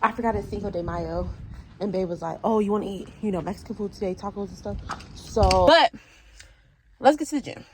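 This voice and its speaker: A woman talking casually to her viewers in a relaxed, rambling vlog, narrating what she is doing as she goes. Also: mid-range voice, a little fast, slight background noise, poor audio. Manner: chatty, talks straight to viewers, relaxed and rambling. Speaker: lifestyle vlogger. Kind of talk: casual vlog chat to camera.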